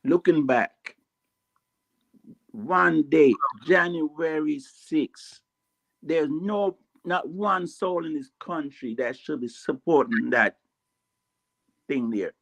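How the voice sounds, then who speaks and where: A man's voice: fairly high pitch, slow pace, creaky, long pauses, fairly bright tone. A man on a radio talk show insisting on his point in a heated debate.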